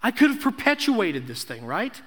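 High, bright-voiced preaching man. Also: huge pitch swings, normal speed. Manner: emphatic preaching with rising, repeated declarations. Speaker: pastor. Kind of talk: sermon. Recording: echoey hall.

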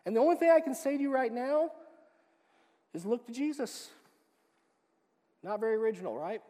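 A man preaching a sermon as pastor, emphatic, swinging from quiet, low passages to loud, pressing ones. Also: husky. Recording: long reverb of a hall.

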